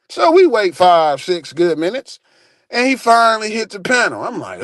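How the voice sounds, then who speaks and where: Animated, high-voiced male streamer. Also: moderate pace, no room sound. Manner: animated, profane, laughing often. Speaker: live stream host. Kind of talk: casual storytelling to a live audience.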